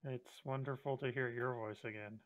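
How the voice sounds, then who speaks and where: A man's voice: mid-range voice, fairly even intonation, moderate pace. A man, a player in a tabletop game stream, bantering casually in a dry, teasing way. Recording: dull voice chat with crowd noise.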